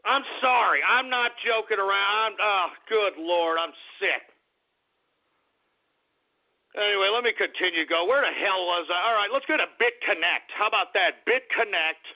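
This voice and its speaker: A man's voice: sits high, normal speed, few pauses. A male radio host talking through a rambling, flustered monologue, apologizing and restarting often. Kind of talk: call-in radio talk show monologue. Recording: tinny phone-quality radio audio.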